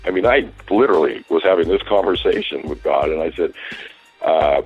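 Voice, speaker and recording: Very deep-voiced older man, husky. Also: a little fast, narrow, tinny audio, soft background music. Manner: rambling, animated when quoting dialogue. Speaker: music industry executive, guest. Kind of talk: casual interview storytelling.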